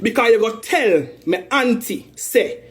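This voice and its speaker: A man's voice: high-pitched, expressive, measured pace. A Jamaican man speaking in patois, airing an aggrieved, accusing rant about a family dispute. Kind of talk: heated spoken rant in patois.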